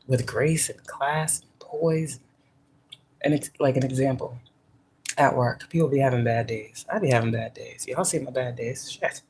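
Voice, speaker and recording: A woman's voice: sits low, darkish tone, slight background noise. A woman giving a casual spiritual pep talk, cursing freely and talking with emphasis. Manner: profane and emphatic, acting out quoted voices. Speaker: spiritual teacher; workplace manager.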